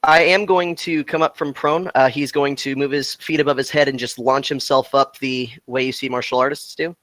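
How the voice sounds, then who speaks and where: A man playing a tabletop game, deliberately describing what his character does. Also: mid-range voice, fairly even intonation, a bit bright, dry recording, poor audio. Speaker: player.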